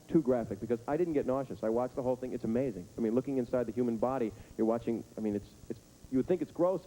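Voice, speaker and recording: A male stand-up comedian teasing audience members with rapid, absurd riffs on a theater stage. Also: medium pitch, warm tone. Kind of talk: stand-up comedy with crowd work. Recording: noisy live stage recording.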